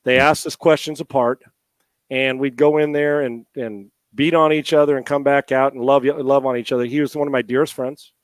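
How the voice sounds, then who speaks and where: A middle-aged man, a former NFL quarterback and radio host appearing as an interview guest, speaks in a heartfelt, emotional way, near tears and restarting often. His voice is medium-pitched and steady at a normal speed, with no echo.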